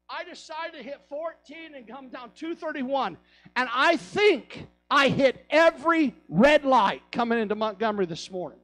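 A man's voice: very high voice, lively intonation, moderate pace, a bit bright. A man preaching a sermon in a church, telling stories and building to fervent calls. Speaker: pastor. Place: church sanctuary.

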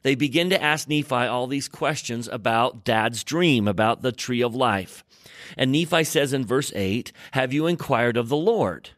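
A man's voice: mid-range voice, measured pace, a bit bright, no room sound, clean studio sound. Emphatic man teaching scripture. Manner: emphatic, reads verses aloud and rereads with stress. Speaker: scripture teacher and podcast host. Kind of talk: scripture study discussion.

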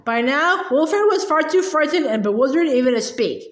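A woman reading a children's storybook aloud with lively storytelling, in an echoey room. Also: high-pitched, normal speed. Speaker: reader.

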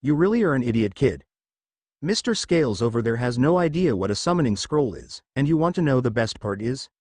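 A man's voice: medium pitch, sing-song, fairly quick, a little mellow, no echo, studio quality. A man doing a sly, mocking fox spirit. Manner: snickering and taunting.

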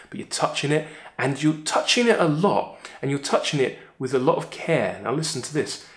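A man teaching literature, talking through a poem in a chatty way, often checking in with "all right?" and reading quoted lines slowly. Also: medium pitch, roomy sound. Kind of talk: poem analysis lesson.

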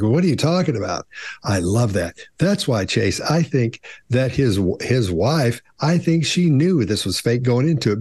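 A man on a discussion panel, talking casually in a rambling, animated way and often repeating himself. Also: mid-range voice, dry recording, studio quality. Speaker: panel host.

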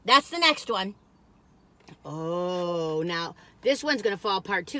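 Casual food vlogger, middle-aged woman, exclamatory rambling delivery, bright tone. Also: on the high side, lively intonation, normal speed. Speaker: food reviewer. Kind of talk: casual chat while taste-testing.

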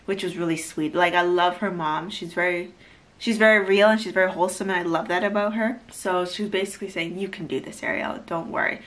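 A woman chatting casually as she recaps a reality show, full of "like" and quick to laugh. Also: fairly low pitch, steady tone, a bit bright. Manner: chatty, lots of "like", laughs easily.

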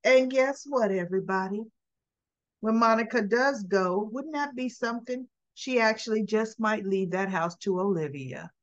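A woman's voice: a little high, normal speed, muffled recording. A woman vlogger casually recapping soap opera scenes in a chatty, giggly way, acting out the characters' lines. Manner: chatty, giggly, acts out the quotes.

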